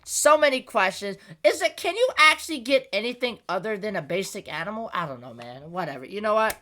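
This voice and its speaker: A woman's voice: medium pitch, lively intonation, a little fast, a bit bright. A woman hosting a casual podcast, talking in an exasperated rant and swearing freely. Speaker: podcast host.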